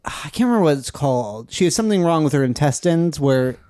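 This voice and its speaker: A man co-hosting a podcast in casual chat, chatty and playful, often mimicking others in a higher voice. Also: expressive, fast talker, warm tone, no echo, studio quality. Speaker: podcast co-host.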